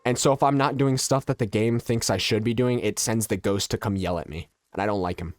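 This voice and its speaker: A man's voice: lowish voice, brisk, no room sound, studio quality, faint music behind. Nasal, stuffy man streaming a game. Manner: chatty, loose and joking, muttering asides. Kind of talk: casual live-stream chat, answering viewers.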